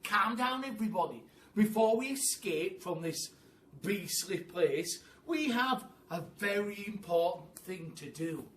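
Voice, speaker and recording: A man voicing Mugglewump, a clever father monkey who talks in a calming, determined way. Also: high-pitched, unhurried, slight background noise, voice pushed up. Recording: echoey room, mic at a distance.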